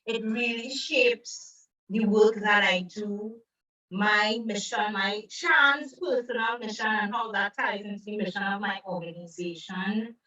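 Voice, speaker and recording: A woman from Trinidad, an environmental advocate and author, speaking as an interview guest and telling stories with lively quoted voices. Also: mid-range voice, a little slow, distant mic, lo-fi sound. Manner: animated storytelling, acts out quoted voices. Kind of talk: conversational interview. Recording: roomy echo, away from the mic.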